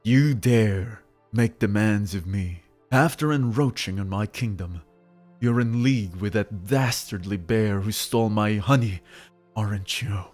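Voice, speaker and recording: A man's voice: on the low side, unhurried, a little mellow, soft background music, voice pushed down, close to an everyday voice. A man voicing a pompous, petulant male ant king in a game, speaking haughtily and dramatically. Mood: imperious. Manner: haughty, then whiny and dramatic. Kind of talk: reading a game's dialogue aloud.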